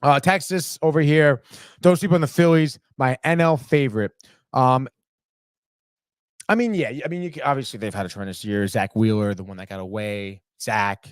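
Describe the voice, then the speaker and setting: A man's voice: medium pitch, moderate pace, clear, resonant tone, dry recording, studio quality. A young man hosting a live sports talk show, rambling and heated, swearing freely and saying "dude" a lot. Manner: profane, rambling, heated, says "dude" often. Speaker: sports podcast host. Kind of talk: casual live sports chat.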